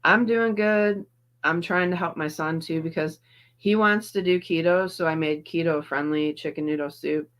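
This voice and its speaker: A woman's voice: low voice, fairly even intonation, moderate pace. A middle-aged woman hosting a livestream, chatting casually and greeting her viewers by name while in some pain and feeling a little off. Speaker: livestream host reacting to videos.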